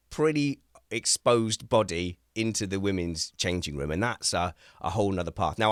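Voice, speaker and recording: A man's voice: lowish voice, no echo. Man telling rambling stories, dry sound. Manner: rambling, animated storyteller who acts out quotes; self-mocking, laughs at his own stories. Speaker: host. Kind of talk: casual chat.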